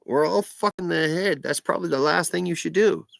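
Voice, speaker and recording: A man's voice: on the high side, brisk, creaky. A middle-aged man telling a story in a blunt, sweary, sarcastic rant to his vlog audience. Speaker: vlogger. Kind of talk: profane ranting storytelling.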